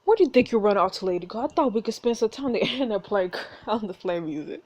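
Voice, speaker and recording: A woman's voice: mid-range voice, animated, quick pace, darkish tone, natural voice. A woman reading aloud the lines of a smug, menacing aristocratic duke in a story game, with a leering, taunting delivery. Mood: mocking.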